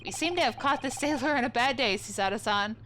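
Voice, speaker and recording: A woman's voice: fairly high pitch, fast, over music, natural voice. Woman voicing a polite young law student. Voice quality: courteous, formal.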